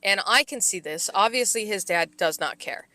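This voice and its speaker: A woman's voice: mid-range voice, expressive, normal speed, sharp tone. A woman co-hosting a podcast, telling a story in a casual, exasperated and profane way. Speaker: podcast co-host.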